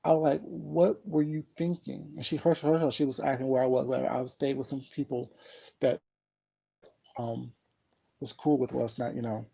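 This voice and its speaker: A man's voice: mid-range voice, fairly even intonation, a little fast, creaky, pauses often, dark tone, breathy edge, poor audio. A man casually telling a personal story to his viewers, rambling and emphatic, with lots of "you know what I'm saying". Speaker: vlogger.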